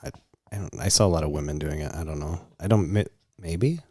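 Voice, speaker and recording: A man co-hosting a podcast in casual chat, animated and quick to react and laugh. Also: extremely low pitch, husky, dry recording, studio quality. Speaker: podcast co-host.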